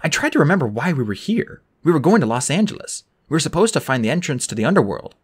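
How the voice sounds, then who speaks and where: An audiobook narrator with a mid-range, breathy-edged voice talks fast while reading a first-person novel aloud. The delivery is animated, with a distinct voice for every character.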